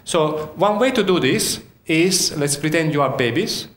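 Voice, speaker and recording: In an echoey lecture hall, a Sicilian university lecturer with an Italian accent delivers an interactive keynote, questioning the audience and frequently restarting his sentences. His voice is a little high, expressive, unhurried, and fairly bright.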